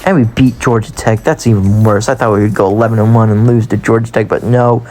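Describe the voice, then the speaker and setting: A man's voice: on the low side, fairly even intonation, quick pace, a little mellow. A man giving casual, rambling commentary on a football video game, with a voice strained from long recording and self-deprecating asides. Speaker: gaming YouTuber.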